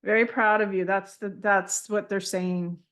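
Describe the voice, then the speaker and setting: A woman gives a live intuitive reading, passing on channeled messages in a gentle, heartfelt way. She talks with warm emotion and is often moved almost to tears. Her speaking voice sits in an ordinary middle range. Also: steady tone, a little slow. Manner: speaks in flowing, high, invented-sounding syllables at times. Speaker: spiritual channeler giving readings.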